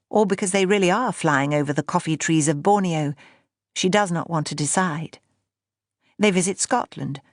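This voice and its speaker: Brief: woman audiobook narrator, lowish voice, measured pace, dry close mic. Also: dry recording.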